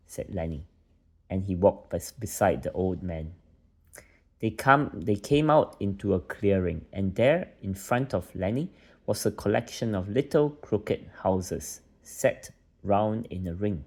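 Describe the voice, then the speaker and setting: Father reading a bedtime story; deep, mellow, slow delivery. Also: slightly rough. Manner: gentle storybook reading with voiced characters.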